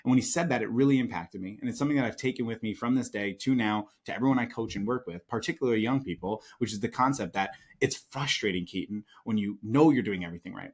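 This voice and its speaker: In a lowish, husky voice, a man being interviewed as a guest sales coach makes his points emphatically, frequently tagging on "right?" in the conversational exchange.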